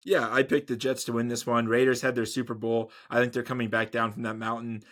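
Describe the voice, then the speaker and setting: A man co-hosts a sports podcast in a middle-pitched voice. He talks casually and rambles, repeating words and trailing off before he lands a point. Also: little pitch movement, brisk, a bit bright. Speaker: podcast co-host.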